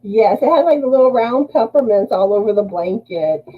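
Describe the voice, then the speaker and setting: A woman guest in a casual crafting chat over a video call, chatty, with halting restarts. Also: mid-range voice, expressive, phone-quality sound.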